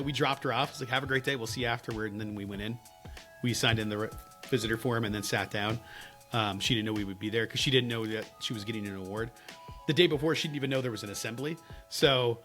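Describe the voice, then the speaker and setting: A man co-hosting a podcast, telling stories in casual chat with lots of laughs and lively swings. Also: medium pitch. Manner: animated, laughing storyteller. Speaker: podcast co-host.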